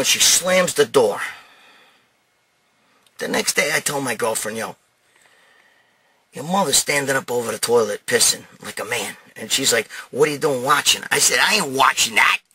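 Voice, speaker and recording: A middle-aged male host with a slightly high, forceful voice that has a husky edge. He rants and tells stories in a brash, blunt, foul-mouthed way. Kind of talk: profane monologue rant and storytelling.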